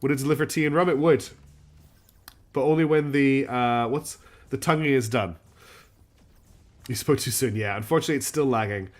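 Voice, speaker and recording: A man's voice: mid-range voice, moderate pace, pauses often. A man streaming a strategy game, chatting and thinking aloud in a casual, self-deprecating way. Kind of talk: live game commentary.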